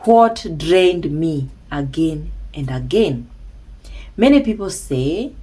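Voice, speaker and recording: A woman speaking slowly and emphatically as a self-help speaker, with dramatic pauses and hushed asides. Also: low-pitched, very animated, slightly rough, rough recording. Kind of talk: slow reflective monologue.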